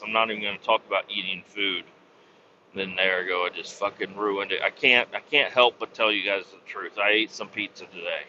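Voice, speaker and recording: Profane rambling trucker man, sharp voice. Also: mid-range voice, slight background noise. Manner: profane, self-mocking storytelling. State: slightly wheezy. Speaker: truck driver and podcast host. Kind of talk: casual rambling monologue. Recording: slightly dull lo-fi sound.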